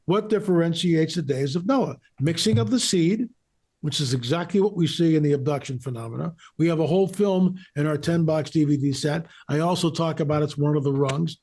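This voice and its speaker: A man's voice: a little high, a little mellow. A man being interviewed as a researcher and author, talking emphatically and repeating phrases for stress. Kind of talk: interview conversation.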